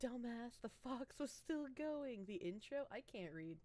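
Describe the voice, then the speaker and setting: A woman's voice: a little high, expressive, measured pace, dark tone. A woman streaming live in casual, chatty talk with a groggy morning voice. She swears freely and laughs often. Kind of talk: casual livestream chat.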